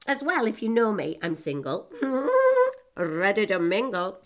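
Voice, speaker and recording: A woman's voice: fairly low pitch, a bit bright. Chatty laughing woman in her forties. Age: 40s. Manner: chatty, self-mocking, laughs often, quick asides. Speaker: motivational speaker. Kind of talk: casual personal talk to an audience.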